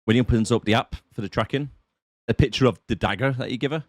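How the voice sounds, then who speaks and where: Dry scornful co-host. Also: male voice, medium pitch, quick pace, no room sound. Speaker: podcast co-host. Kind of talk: casual movie review chat.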